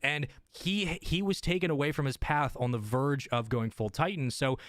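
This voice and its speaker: A man co-hosting a casual podcast chat, excitedly acting out his own reactions. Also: on the high side, moderate pace, no room sound, studio quality. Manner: excited, acts out reactions in a raised voice. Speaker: podcast co-host.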